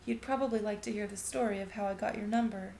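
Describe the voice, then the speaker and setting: A woman's voice: mid-range voice, fairly even intonation, quick pace, gravelly, darkish tone, a little hiss or hum, close to an everyday voice. A woman voicing a distracted, anxious mother who talks in a fretful, apologetic way, in a story reading in an echoey room.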